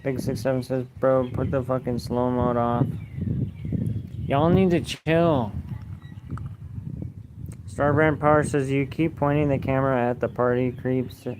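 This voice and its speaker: A young man streams from a lakeside park on his phone and reads chat aloud in a flat, mumbled monotone. He turns defensive at times. The recording is noisy, with outdoor ambience, traffic and animals behind him. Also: mid-range voice, moderate pace, hardly any pauses. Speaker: live streamer. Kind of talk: casual live stream, reading chat aloud.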